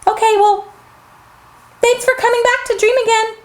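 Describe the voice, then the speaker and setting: A woman hosting a children's story time, reading a storybook aloud and talking gently to the kids watching. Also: very high-pitched, normal speed. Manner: gentle, animated, talks to kids directly.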